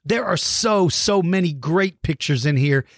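A man's voice: on the high side, animated, a little slow. Upbeat man hosting a kids' dinosaur show. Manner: enthusiastic, with mock-outraged playful shouts. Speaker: kids' dinosaur channel host. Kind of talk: casual chat to young viewers.

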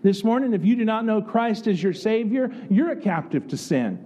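Male preacher from the United States; earnest, conversational sermon, warm low-edged tone, slightly high pitch. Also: animated, moderate pace. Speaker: pastor.

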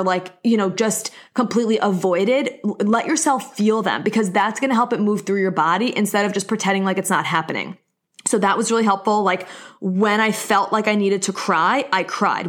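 Chatty young woman sharing openly. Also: medium pitch. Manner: chatty, open, leans heavily on "like"; earnest and encouraging. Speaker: solo podcast host. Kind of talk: casual personal monologue.

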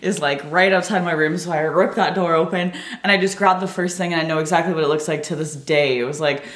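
A young woman chatting casually as she tells a story, lively and quick to laugh. Her voice sits a little low, and the room around her echoes. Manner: animated, laughing often, acting out her younger self with high shouts. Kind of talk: casual chat.

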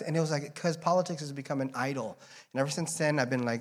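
A man's voice: high-pitched, fast. A man preaching a casual sermon to a church congregation, joking and wandering off on tangents as he talks. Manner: rambling, joking, drifting into tangents. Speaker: guest preacher.

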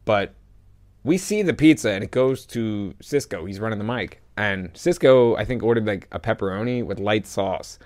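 Young dude rambling thru a story on a podcast, swears a bit. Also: male voice, fairly low pitch, animated, moderate pace, darkish tone. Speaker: podcast co-host. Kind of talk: casual chat.

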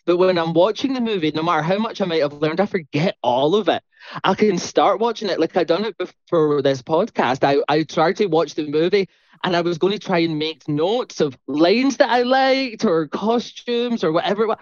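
A man's voice: high voice, normal speed, no room sound. Easygoing male guest on a muffled line. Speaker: podcast guest. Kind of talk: casual chat.

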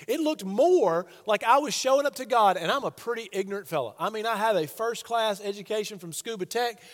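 A male pastor delivers a sermon in a plainspoken, earnest way, addressing his congregation directly with questions. His voice sits high for a man. A long reverb hangs in the large hall around him. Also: fairly bright tone. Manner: earnest, conversational preaching with rhetorical questions.

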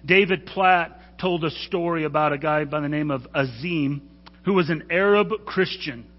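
A man preaching to his congregation in an earnest, urging way, now and then tripping over a word and correcting himself. His voice sits a little high. The sound is dull and rings with the long reverb of a church hall. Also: normal speed. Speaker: pastor. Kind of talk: sermon.

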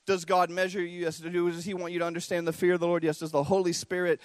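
A middle-aged male pastor delivering a fervent sermon, pitched a little high and sounding close and dry. He builds to loud cries and then drops to soft, almost whispered lines. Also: level tone, fast, dry recording. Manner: impassioned, swinging between loud cries and hushed near-whispers.

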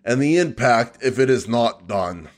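A man's voice: medium pitch, expressive, a little slow, lightly acted. A man doing a playful put-on Australian accent, stretching his vowels and ending every sentence like half a question. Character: exaggerated Australian man with sing-song rising lilt.

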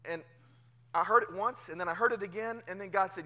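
A male pastor, around his thirties, preaching a sermon in church, telling a personal story with swings from hushed to loud. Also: high-pitched, brisk. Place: church sanctuary.

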